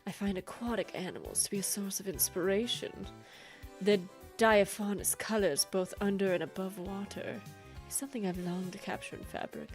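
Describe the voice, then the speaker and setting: A refined, thoughtful fabric designer, read by a woman at a mid pitch, speaking in a measured and gently formal way. Faint music sits underneath. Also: natural voice. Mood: musing.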